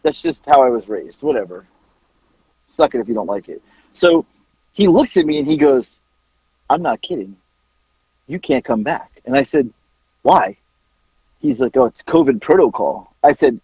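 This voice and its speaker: A man in his forties telling a story on a podcast, loud and profane, with lots of cursing. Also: medium pitch, expressive, moderate pace, pauses often, slightly rough, dry recording, muffled recording. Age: 40s. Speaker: podcast co-host. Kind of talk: casual storytelling chat.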